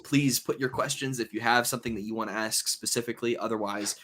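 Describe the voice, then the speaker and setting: A man's voice: mid-range voice, fairly even intonation, fairly bright tone, slight background noise. A man hosting a livestream panel, laying out an argument step by step with frequent fillers. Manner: measured, explains step by step with many fillers. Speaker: host and moderator. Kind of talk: casual panel discussion.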